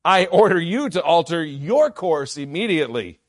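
A man's voice: a little high, very animated, moderate pace, no echo, clean studio sound, pitched above the performer's own voice. A man playing a polite, unbudging lighthouse private. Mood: firm. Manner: polite but firm. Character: calm, unyielding young male lighthouse keeper.

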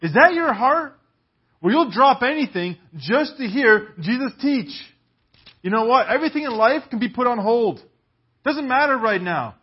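A man's voice: extremely high pitch, lively intonation, moderate pace, breathy edge. Man, sermon, emphatic rhetorical questions, muffled lo-fi church recording. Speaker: preacher.

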